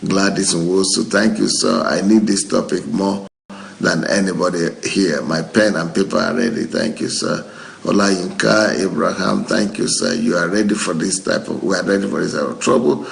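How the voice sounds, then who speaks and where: A low, gravelly male voice, a pastor chatting loosely as he works through viewer comments. He laughs easily and often between the names he reads. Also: rough recording. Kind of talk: reading out viewer comments and responding.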